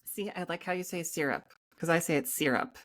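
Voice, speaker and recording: A woman co-hosting a casual podcast, asking questions and teasing her guests with dry wit. Her voice sits very low for a woman. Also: little pitch movement, quick pace, crowd noise. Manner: wry, teasing. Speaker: podcast co-host. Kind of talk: casual interview chat.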